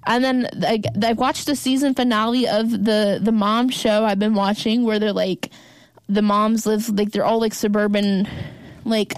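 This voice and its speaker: A woman's voice: mid-range voice, little pitch movement, measured pace, clean tone, no echo. A young woman hosting a casual recap podcast, chatting loosely with lots of "like" fillers. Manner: chatty, heavy use of "like" fillers. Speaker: podcast host.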